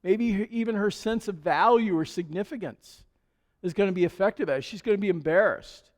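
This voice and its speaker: A male pastor tells stories from the pulpit in a high, easygoing voice. His relaxed sermon rings out through a church with a long reverb. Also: brisk. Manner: conversational storytelling with chuckles. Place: church sanctuary.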